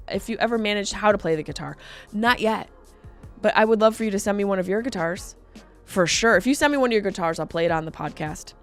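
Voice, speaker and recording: A woman comedian hosting her podcast, talking casually and jumping into high, loud exclaims. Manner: animated, jumps into high exclaims.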